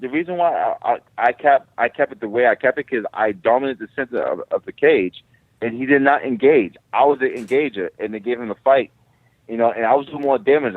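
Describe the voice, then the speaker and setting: A man's voice: medium pitch, dry recording. Guy fighter ranting and cussing, phone line sound, super dry. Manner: profane, animated storytelling. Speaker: guest fighter. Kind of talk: casual interview.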